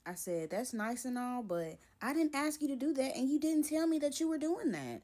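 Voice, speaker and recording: A woman's voice: high-pitched, very animated, normal speed, hardly any pauses, mellow. A young woman telling a personal story to camera, animatedly acting out both sides of an argument. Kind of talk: storytime vlog.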